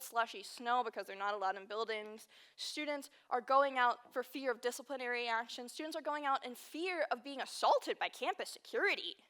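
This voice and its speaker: A young woman in her early twenties, a student from Texas, delivers a personal speech with earnest conviction. Her voice sits a little on the higher side, and she leans on emphatic repetition to drive her points home. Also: fairly bright tone. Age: early 20s. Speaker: student speaker.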